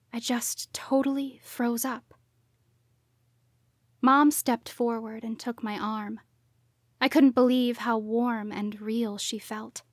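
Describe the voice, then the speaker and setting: A woman narrating a first-person audiobook in a hushed voice that often drops to a whisper. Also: on the high side, no echo, clean studio sound.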